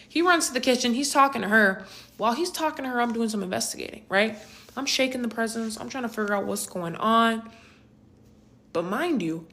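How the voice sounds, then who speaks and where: A young adult woman narrating a personal storytime vlog in a casual, slangy and animated way, with rhetorical asides to the listener. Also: fairly high pitch.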